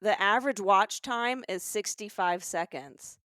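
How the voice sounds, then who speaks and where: A woman's voice: mid-range voice, a little slow, bright, forceful tone, clear, resonant tone, dry recording, clean studio sound. A middle-aged woman from Alabama with a Southern American accent, co-hosting a comedy podcast in rambling, self-mocking chat. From Alabama, USA.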